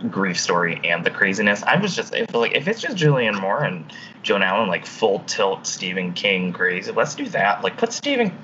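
A man in casual chat, musing in a lively, rambling way. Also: fairly low pitch, moderate pace. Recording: dull lo-fi sound with faint room noise.

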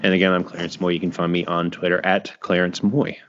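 A man's voice: deep voice, little pitch movement, brisk, fairly bright tone, highs cut off, a little hiss or hum. A man hosting a podcast in casual chat, with a wry, joking manner. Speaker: podcast host.

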